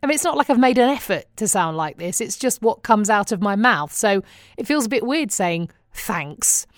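A woman with a British accent talks to her viewers in a loose, chatty monologue. Her humour is wry and self-mocking, and she breaks into laughter often. Her voice sits in a middle pitch and the recording is close and dry, with no room echo. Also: very animated, normal speed. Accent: British English. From England. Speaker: vlogger. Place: living in Phoenix, Arizona.

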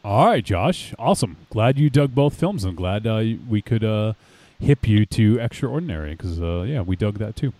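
A man's voice: on the low side, very animated, moderate pace, mellow. A man hosting a podcast in loose, casual banter, laughing often and swearing freely. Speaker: podcast host.

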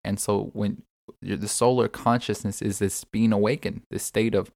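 A man with a low, gravelly voice talks through his thoughts on a solo podcast. He keeps putting questions to his listeners and often repeats a word while he searches for the next one. The sound is dry and close to the mic. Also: steady tone, normal speed, a little mellow, no echo. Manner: searching, asks listeners many questions, repeats words as he thinks. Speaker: podcast host. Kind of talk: reflective solo podcast talk.

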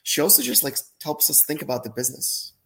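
A man's voice: a little high, very animated, fast, creaky, pushed and bright. A man as a podcast guest talking about his business in casual chat, enthusiastic and given to repeating words for emphasis. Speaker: guest, laser accessory business owner.

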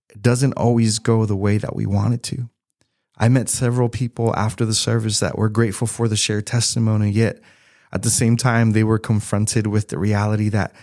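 A man in his thirties sharing a personal testimony as a pastor, earnest and unhurried, with soft laughs. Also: fairly low pitch, no echo, clean studio sound. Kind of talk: sermon-style testimony.

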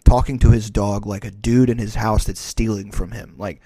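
A man's voice: fairly low pitch, steady tone, moderate pace, mellow, no room sound. A man co-hosting a podcast, telling a rambling, profanity-heavy story in casual chat. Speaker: podcast co-host.

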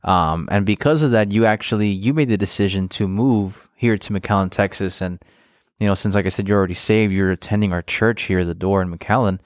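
A man hosting a podcast interview, calmly recapping his guest's story and affirming him. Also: fairly low pitch, fairly quick, dry recording, studio quality. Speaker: podcast host.

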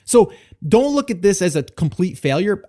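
A man's voice: sits high, very animated, moderate pace, warm tone. A man hosting a podcast on his own, talking casually and thinking aloud, with lots of fillers. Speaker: podcast host. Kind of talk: solo podcast talk, reading a listener post.

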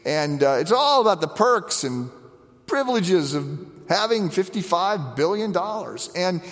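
A man preaching a conversational sermon, animated, with frequent restarts and asides. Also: sits high, a little slow, big-room sound. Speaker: pastor. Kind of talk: sermon on the stations of the cross.

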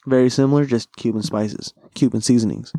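Young man, slangy profane rambling, mid pitch, dry close studio mic. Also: steady tone, fairly quick, warm tone, dry recording. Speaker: podcast host. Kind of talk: casual solo podcast monologue.

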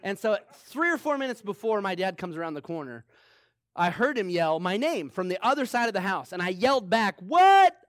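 A man's voice: high-pitched, lively intonation, a little fast, a bit bright, no room sound, clean studio sound. A man preaching a sermon in a conversational way, telling a personal story, repeating phrases for emphasis and laughing often. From small town. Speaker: pastor.

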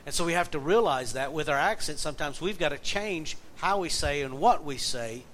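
A man's voice: on the high side, expressive, a little fast, a bit bright, low-quality recording. Man, pastor, chatty sermon, folksy jokes, faint hiss behind. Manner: folksy, storytelling, joking asides. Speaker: pastor and jail minister. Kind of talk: conversational sermon.

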